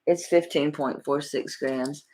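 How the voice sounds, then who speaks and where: A woman's voice: low voice, steady tone, a little slow, a little mellow, a little hiss or hum. A middle-aged woman with a Southern accent, chatting folksily with viewers by name while selling jewelry on a live stream. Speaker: jewelry auction seller. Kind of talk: live-stream sales chat.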